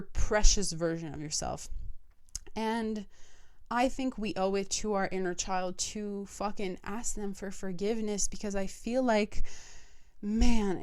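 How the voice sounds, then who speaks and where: A young woman hosts her own podcast in a frank, emphatic monologue. She swears casually as she talks. Her voice is smooth and clear, in a middle register. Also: mid-range voice. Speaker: podcast host. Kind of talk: personal monologue.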